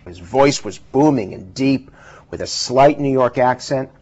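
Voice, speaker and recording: Husky man explaining in a TV interview. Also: mid-range voice, expressive, a little slow, darkish tone. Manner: emphatic, explanatory. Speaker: political pollster guest. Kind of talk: televised interview. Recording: dull lo-fi television audio.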